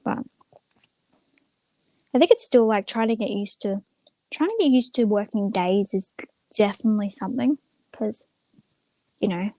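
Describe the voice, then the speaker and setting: A woman's voice: mid-range voice, normal speed, pauses often, dark tone, no echo. A young woman chatting casually on a livestream, rambling and retelling stories with lots of "I'm like.". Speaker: streamer.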